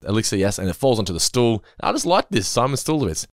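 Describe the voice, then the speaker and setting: A man's voice: mid-range voice, sing-song, fast, no room sound, studio quality. A man co-hosting a casual episode-review podcast, recapping scenes and acting out quoted lines. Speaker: podcast co-host.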